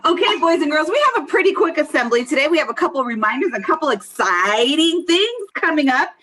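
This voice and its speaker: A woman's voice: sits high, sing-song, fast, a bit bright. A woman hosting an online school assembly for students, cheerful and playful, teasing her co-host. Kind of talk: upbeat school assembly talk. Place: video call for an online assembly.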